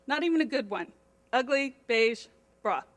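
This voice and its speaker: Chatty woman with a high voice. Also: normal speed. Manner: chatty, animated and self-deprecating. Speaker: office administrator. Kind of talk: casual storytelling to camera.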